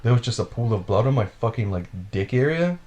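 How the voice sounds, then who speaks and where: A man telling a wild story in casual chat, animated and full of swearing, laughing as he goes. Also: mid-range voice, a little fast. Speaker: podcast storyteller.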